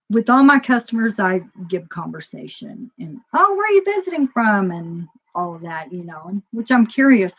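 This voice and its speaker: A woman's voice: on the low side, slightly rough. A woman who owns a store, talking to her viewers in a loose, rambling vlog monologue full of "you know" fillers. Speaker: store owner. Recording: dull lo-fi recording.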